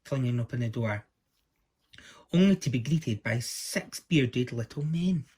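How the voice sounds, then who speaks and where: A man reading a children's story aloud as the storyteller, lively and doing the voices. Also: mid-range voice, unhurried, slightly rough.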